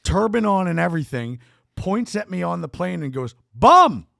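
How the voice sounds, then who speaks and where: Gravelly, high-voiced man telling stories. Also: a little fast, no echo, studio quality. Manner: animated storyteller who acts out people's voices; swears freely. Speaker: podcast guest. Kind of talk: casual anecdote telling.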